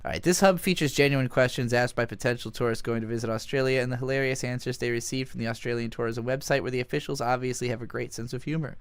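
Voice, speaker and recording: A man's voice: medium pitch, fairly quick, smooth, no room sound. A man streaming, reading a list of jokes aloud with a sardonic tone, cursing and laughing as he comments. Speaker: streamer reading a viewer's request.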